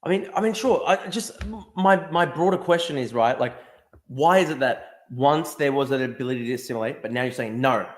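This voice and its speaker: Quick, pushy man debating. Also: mid-range voice. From Australia. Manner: pushy, swears casually, presses with repeated questions. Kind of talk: heated casual debate.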